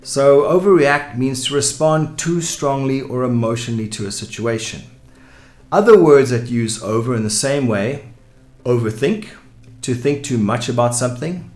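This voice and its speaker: A man's voice: mid-range voice, moderate pace. Man explaining English idioms, echoey room. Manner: clear, explanatory, with example sentences. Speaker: English teacher. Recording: echoey room with soft music.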